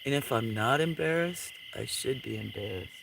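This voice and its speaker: A man hosting a late-night livestream outdoors, chatting with viewers in a sleepy, relaxed way and yawning often. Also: medium pitch, moderate pace, vocal fry, rough recording. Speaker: livestream host. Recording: outdoor night ambience with insect noise. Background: crickets, frogs and insects.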